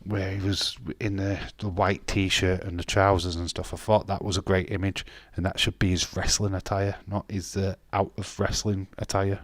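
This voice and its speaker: A man's voice: low-pitched, flat delivery, normal speed, hardly any pauses, no echo. A man, casually chatting on a live stream and bantering with chat comments, swearing now and then.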